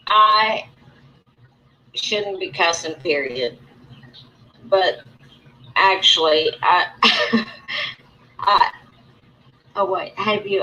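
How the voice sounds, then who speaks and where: A woman's voice: fairly low pitch, bright, forceful tone, a little hiss or hum, poor audio. A woman hosting a casual livestream, rambling and aggrieved as she talks through her grievances and greets chat viewers by name. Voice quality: rambling, repeats and restarts. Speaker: livestream host.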